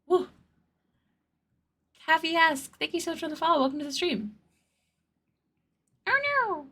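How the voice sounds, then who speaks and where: A woman's voice: very high voice, steady tone, unhurried, fairly bright tone. A woman chatting casually on her art live stream, thanking viewers and answering chat, with an occasional stutter. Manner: stutters at times.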